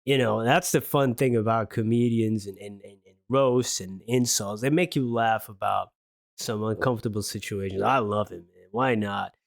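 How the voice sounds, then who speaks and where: A man's voice: lowish voice, moderate pace, creaky, dry recording. A man from Belgium hosting a reaction video, chatting casually into a close microphone and tossing in "man" and "hey.". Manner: relaxed, chatty, says "man" and "hey" a lot.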